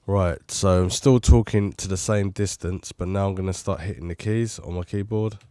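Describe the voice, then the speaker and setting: A man with a fairly low voice chats in a rambling, easygoing way, close to a studio condenser mic at his home desk. The sound is dry and close. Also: steady tone, moderate pace, warm tone, clear, resonant tone, no echo. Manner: rambling, chatty, self-commenting. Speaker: tech reviewer. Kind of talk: casual microphone test talk.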